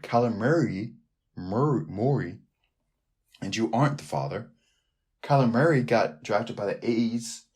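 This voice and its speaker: Rambling man hosting a sports podcast. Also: fairly high pitch. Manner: rambling, animated, riffs off on tangents. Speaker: podcast host. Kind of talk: casual sports podcast monologue.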